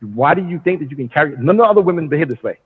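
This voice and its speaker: A man on a panel arguing his point in a deliberate, lecturing way. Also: on the high side, animated. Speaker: panel guest. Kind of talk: opinionated commentary. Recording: husky voice over phone line.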